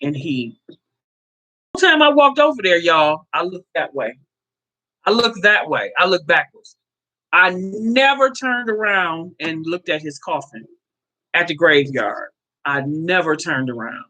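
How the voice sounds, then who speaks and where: A woman's voice: on the low side, expressive, unhurried, bright, forceful tone, poor audio. A woman in her fifties hosting a casual livestream, speaking heartfelt and direct to her viewers, often repeating herself. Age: 50s. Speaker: livestream host. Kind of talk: casual live-stream chat with viewers.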